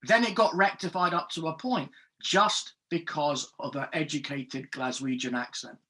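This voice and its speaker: A bright, higher-pitched man in his thirties from Scotland talks on a video call. He tells his story earnestly, restarting his sentences and stopping to apologize. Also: fairly even intonation, moderate pace. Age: 30s. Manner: earnest, repeats himself and apologizes. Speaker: meetup participant. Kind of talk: casual group discussion.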